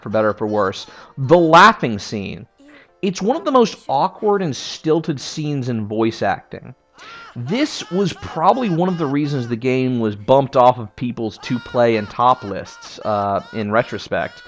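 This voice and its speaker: A man's voice: mid-range voice, lively intonation, unhurried, fairly bright tone, faint music behind. A man giving casual, opinionated video essay commentary as a game history reviewer. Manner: opinionated and conversational.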